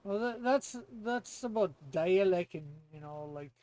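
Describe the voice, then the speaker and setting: A man hosting a livestream, chatting casually with relaxed, easygoing replies. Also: high-pitched, measured pace, clear, resonant tone. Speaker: stream host. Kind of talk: casual chat.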